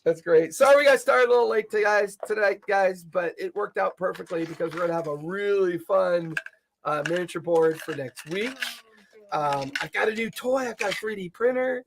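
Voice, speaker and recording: A man's voice: high voice, normal speed, creaky, noisy background. A man narrating a tabletop game as game master, describing scenes vividly and laughing often.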